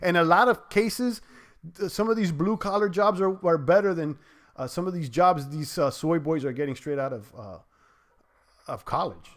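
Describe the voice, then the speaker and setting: A man's voice: on the high side, normal speed. Rambling man hosting a livestream. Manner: loose and rambling, many fillers and restarts; playful trash talk toward trolls. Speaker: crypto livestream host. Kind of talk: casual livestream chat reading viewer comments.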